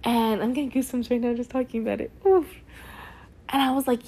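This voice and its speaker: A woman's voice: fairly high pitch, steady tone, fairly quick, a little mellow, slightly rough. A young woman hosting a podcast, telling a personal story in an earnest, emotional way and filling her talk with "like". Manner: chatty, heavy use of "like" fillers. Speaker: podcast host.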